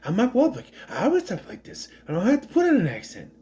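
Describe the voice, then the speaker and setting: A man putting on a boastful, higher-pitched impression of a male movie star in a casual video. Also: wildly swooping pitch, fast talker, warm tone. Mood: smug.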